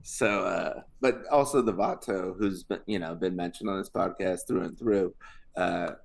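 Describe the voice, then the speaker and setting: A young man co-hosting a casual podcast, loud and hyped at the open, laughing and swearing as he chats. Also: sits low, moderate pace, gravelly. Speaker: podcast co-host.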